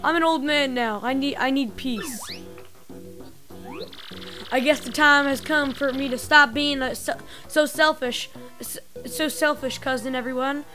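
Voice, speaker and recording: Woman doing a gruff old mob boss. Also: high voice, unhurried, bright, forceful tone, faint music behind. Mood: tender. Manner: tough-guy drawl with dropped words.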